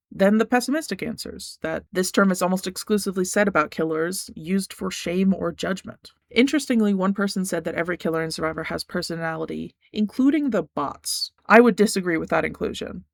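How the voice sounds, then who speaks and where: A gaming YouTuber narrating a scripted video essay in a measured, thoughtful, earnest way. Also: mid-range voice, gravelly, dry recording, studio quality.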